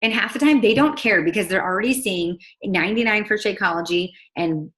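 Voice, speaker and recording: A young woman coaching a teammate over a call, talking fast and emphatically, full of "like" and acted-out quotes. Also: medium pitch, a bit bright.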